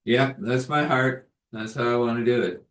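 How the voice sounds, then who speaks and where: A man's voice: mid-range voice, steady tone, moderate pace, fairly bright tone, natural voice. A man playing a wry, easygoing ex-pastor. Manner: dry, joking. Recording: roomy echo.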